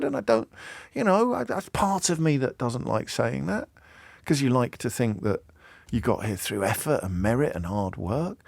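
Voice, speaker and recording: A man's voice: medium pitch, very animated, normal speed, gravelly, a little mellow, no room sound, studio quality. A middle-aged English man hosting a radio phone-in, talking reflectively with frequent restarts and building into impassioned questions. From England. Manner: conversational, many restarts, rising to impassioned questions.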